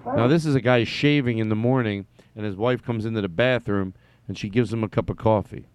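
A man's voice: lowish voice, a little fast, clear, resonant tone, no room sound. A man hosting a casual solo podcast, rambling and blunt, with casual swearing. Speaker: podcast host.

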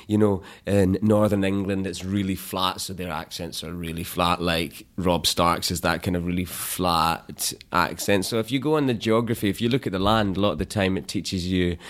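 Scottish male guest, young, low voice, laid-back conversational style. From Scotland. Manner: relaxed, laughs easily, trailing restarts. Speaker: actor guest. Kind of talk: casual interview chat.

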